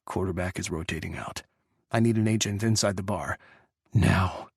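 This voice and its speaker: A tense young Secret Service agent giving clipped, commanding lines in a lowered, tight voice, read by a male audiobook narrator. Close, dry storybook reading. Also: normal speed, husky, no room sound. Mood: tense curt.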